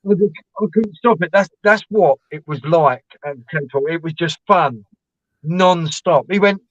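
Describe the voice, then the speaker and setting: Co-hosting a live stream, a man with a slightly high voice tells rambling anecdotes, laughing as he goes, in casual storytelling chat at normal speed. The stream audio is dull, lo-fi and dry, with no echo.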